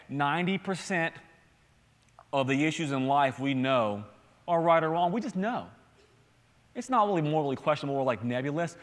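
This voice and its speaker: A man, a campus pastor, preaching a sermon in an earnest, conversational way with many restarts. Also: a little high. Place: church sanctuary. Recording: long hall reverb.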